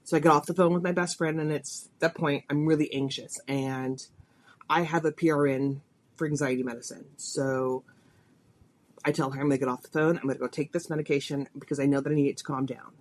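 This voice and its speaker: A woman's voice: sits low, steady tone, a little fast. A woman hosting a podcast, telling a personal story in a confessional, emotional way, her voice rising and falling with feeling. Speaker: podcast host.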